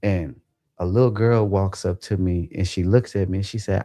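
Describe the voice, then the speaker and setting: Gravelly-voiced man telling a wild story. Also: fairly quick, no echo, clean studio sound. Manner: animated, profane, jumps to high pitch when quoting himself. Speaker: livestream host. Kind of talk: casual storytelling about a dream.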